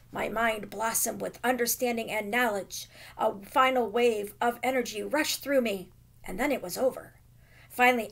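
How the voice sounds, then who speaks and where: A woman teacher reading a children's novel aloud with expressive, dramatic emphasis. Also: a little high, vocal fry.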